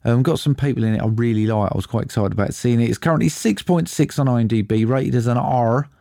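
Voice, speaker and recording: Man, film podcast co-host, mellow tone, dry jokey delivery, close dry mic. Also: medium pitch, fast, gravelly, no echo. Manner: dry, jokey, uses "mate" often. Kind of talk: casual chat.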